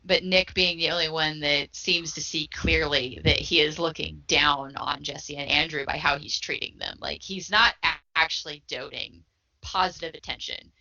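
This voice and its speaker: Casting: frank, chatty woman, bright lowish voice, dull lo-fi podcast audio. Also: steady tone, normal speed, vocal fry. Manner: chatty, frank, swears casually, laughs often. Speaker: podcast co-host. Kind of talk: casual chat.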